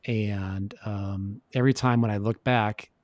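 A man's voice: fairly low pitch, fairly even intonation, a little slow, darkish tone, dry recording. A middle-aged man speaking as a guest in a casual interview, telling his story in an earnest, reflective way. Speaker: podcast guest.

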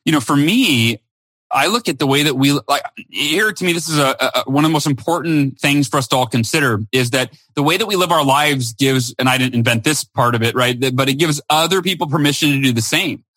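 A man's voice: mid-range voice, a little fast, no echo. A man in an interview, telling a personal story with emphatic delivery, acting out quoted lines. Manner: emphatic, acts out quotes with lively shifts. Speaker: guest speaker and author.

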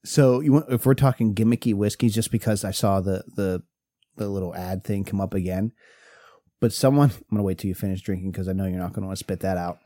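Speaking quickly in a low, dark voice, this Pennsylvania man co-hosts a casual podcast. He rambles, keeps restarting his sentences, and laughs while telling stories, all captured in clean studio sound with no room noise.

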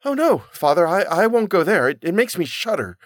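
A man's voice: high-pitched, sing-song, brisk, dry recording, clean studio sound, voice pushed up. A man voicing a simple-minded, fearless young lad with an earnest, stammering way of talking.

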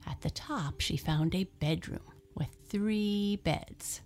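A woman reading a children's storybook aloud, slow and expressive, dropping into soft breathy asides. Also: mid-range voice, in a whisper.

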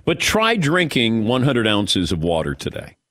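A man's voice: medium pitch, normal speed. A male radio show host telling a story in casual chat, acting out the quotes as he goes. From Irish heritage. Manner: animated storyteller, acts out quotes.

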